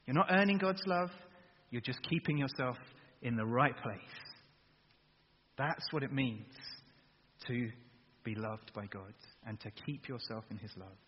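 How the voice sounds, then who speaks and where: A man preaching a sermon, asking his listeners direct questions in a lively way. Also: medium pitch, measured pace, pauses often, husky. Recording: dull recording with long hall reverb.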